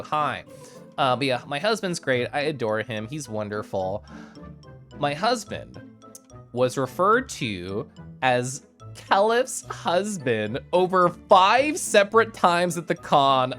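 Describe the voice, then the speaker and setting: A woman streamer chatting casually on a live stream, bubbly and giggly, greeting viewers by name. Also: low-pitched. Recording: faint music behind.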